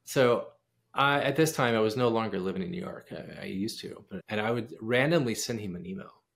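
Man with a gravelly voice telling a lively story. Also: on the low side, a little fast. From United States. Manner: animated storyteller acting out quoted dialogue. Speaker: pianist and composer, guest. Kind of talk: casual interview storytelling.

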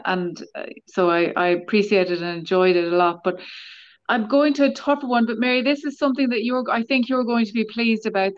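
A woman's voice: mid-range voice, dull audio. A woman chatting in a book club, hesitant and full of restarts as she introduces her pick. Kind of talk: casual chat.

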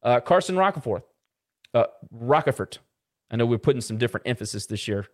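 A man's voice: mid-range voice, expressive, racing. A man co-hosting a sports podcast, casually running through baseball box scores with lots of "uh" fillers. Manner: rattles off baseball stats with filler "uh"s. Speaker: podcast co-host.

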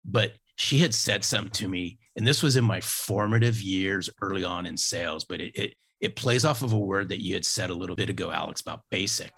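A man in his fifties with a very low, gravelly voice that has a husky edge. He tells his stories with emphatic repetition, hammering key phrases home like a seasoned sales coach. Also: a little fast, hardly any pauses, fairly bright tone. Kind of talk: storytelling interview talk.

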